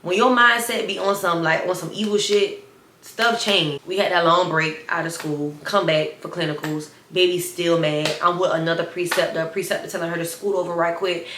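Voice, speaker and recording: Young woman, slight lisp, lowish voice, casual storyteller, echoey room. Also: normal speed, slight background noise. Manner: animated, chatty, addresses viewers as y'all. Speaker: storyteller vlogger.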